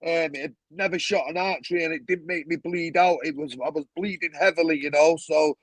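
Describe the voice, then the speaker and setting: A man's voice: on the high side, fairly even intonation, brisk, no room sound, low-quality recording. A man telling stories as a guest on a talk show, blunt and swearing freely, with a lot of "you know what I mean". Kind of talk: casual storytelling.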